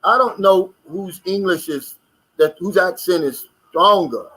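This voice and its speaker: A man's voice: high voice, a little slow, bright, forceful tone, husky, rough recording. An American man hosting a casual live stream, reading out viewer comments and chatting about them. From United States.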